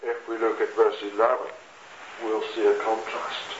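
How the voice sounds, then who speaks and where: A man preaching a sermon, reading scripture slowly and deliberately. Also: on the low side, monotone. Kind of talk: expository sermon. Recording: echoey lo-fi radio recording with noise.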